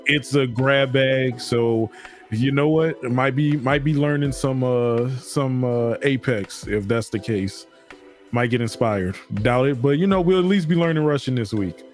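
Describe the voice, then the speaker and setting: A man's voice: mid-range voice, a little slow, soft background music. A man co-hosting a podcast, joking and laid-back, with a slangy way of talking. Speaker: podcast co-host. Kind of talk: casual chat.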